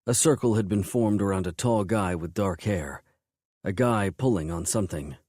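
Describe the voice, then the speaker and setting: A man narrating a first-person romance audiobook in a low, intense, measured way. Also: a little mellow, no echo, studio quality.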